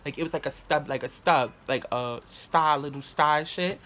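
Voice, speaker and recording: A young man telling a story to his viewers in an animated, rambling way, full of slang, swearing and restarts. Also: on the high side, normal speed. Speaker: vlogger. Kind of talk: casual storytelling to camera.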